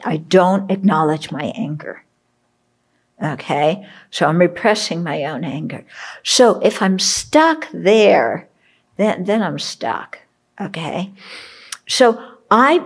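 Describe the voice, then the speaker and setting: Woman Buddhist teacher, reflective dharma talk; unhurried, husky. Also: fairly low pitch. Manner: reflective, checks in with "okay?", acts out inner voices.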